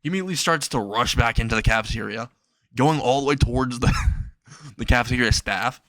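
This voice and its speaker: A man's voice: medium pitch, a little fast, fairly bright tone, no room sound, studio quality. A man casually improvising a fan story, chuckling and rambling with frequent restarts.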